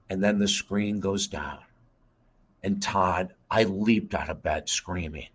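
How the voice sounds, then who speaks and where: A man's voice: low voice, slow pace, slightly rough. A middle-aged man, a guest life coach, telling an emotional personal story in an earnest, intense way. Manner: earnest, intense, addresses host by name.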